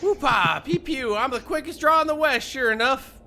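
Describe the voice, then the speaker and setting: A man's voice: very high-pitched, expressive, moderate pace, gravelly, pushed and bright, a little hiss or hum, pitched above the performer's own voice, full character voice. A man voicing a brash old-West cowboy in a folksy drawl full of frontier slang. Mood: rowdy.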